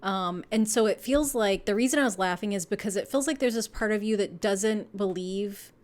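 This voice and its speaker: At a moderate pace and medium pitch, this woman rambles through a laid-back pick-a-card tarot reading. Her talk is full of fillers and casual swearing, and she laughs frequently as she goes.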